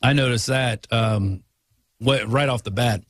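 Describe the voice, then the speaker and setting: A man hosting a political talk radio show, arguing his points with quick asides and frequent fillers. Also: mid-range voice, fairly bright tone, no echo, studio quality.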